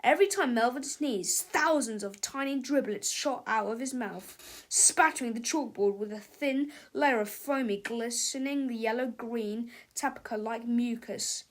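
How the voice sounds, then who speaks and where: A woman reads a children's storybook aloud in a lively, expressive way. Her voice sits a little higher than most women's and rises and slows for funny details.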